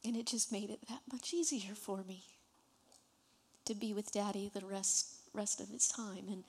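A woman giving an earnest personal testimony in church, telling her story in an unhurried way. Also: mid-range voice, fairly even intonation, darkish tone, slightly rough, in a large hall.

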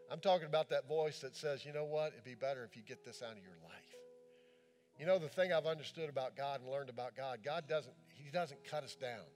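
A man preaching as a pastor, impassioned in the sermon and then hushed and gentle as he leads a prayer. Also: on the high side. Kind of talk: sermon with altar call prayer.

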